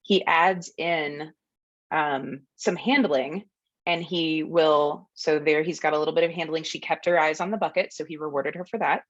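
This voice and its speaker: Casting: relaxed woman workshop presenter, slightly low voice, dull lo-fi webinar audio. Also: normal speed, dry recording. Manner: friendly, explanatory, narrates clips with ums and laughs. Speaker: dog trainer presenting a workshop. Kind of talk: educational webinar talk over video clips.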